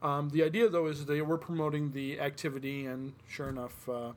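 Midwest guy cohosting a podcast, slightly high voice, jokes between news bits. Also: level tone, a little fast. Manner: joking, reads stories aloud with asides. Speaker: podcast co-host. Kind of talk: casual chat, reading news.

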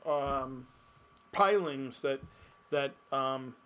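A man co-hosting a casual podcast, relaxed, explaining in halting bits. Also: mid-range voice, clean tone. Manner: relaxed, many brief agreements, halting explanations. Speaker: podcast co-host. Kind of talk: casual chat.

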